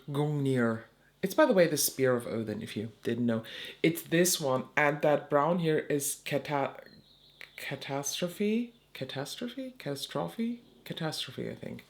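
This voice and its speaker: A woman's voice: sits low, a little mellow. A woman, a beauty vlogger, chatting casually and rambling as she does her makeup. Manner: chatty, rambling, laughs at herself. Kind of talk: casual chat while doing makeup.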